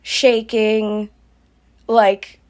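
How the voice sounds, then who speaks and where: A woman's voice: mid-range voice, little pitch movement, extremely slow, a little mellow. A woman vlogger narrating a personal story in a candid, emotional way, often saying "like". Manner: candid, emotional, frequent "like" fillers.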